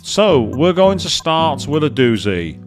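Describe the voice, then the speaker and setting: A man chatting excitedly as he commentates his own racing game play, thinking aloud to viewers. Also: fairly high pitch, unhurried. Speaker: gaming streamer. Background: game music and engine sounds.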